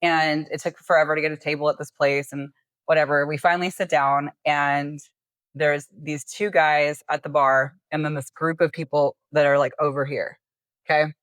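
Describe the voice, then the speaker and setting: A woman's voice: sits low, flat delivery, normal speed, fairly bright tone, no echo. A woman hosting a podcast, telling a story in casual chat, acting out dialogue and swearing freely. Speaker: podcast host.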